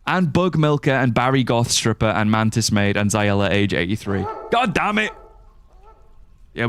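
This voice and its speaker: A young English-accented man livestreams gameplay, chatting casually with viewers and often swearing and laughing. His mid-range voice is a bit bright, and the dry, clean studio recording has faint guitar music behind it.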